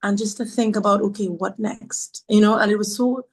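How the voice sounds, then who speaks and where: Her mid-range voice keeps a fairly even intonation at a moderate pace. A podcast guest from Trinidad, she earnestly recounts a personal, heartfelt story, leaning on repeated phrases for emphasis and talking about faith with devout warmth.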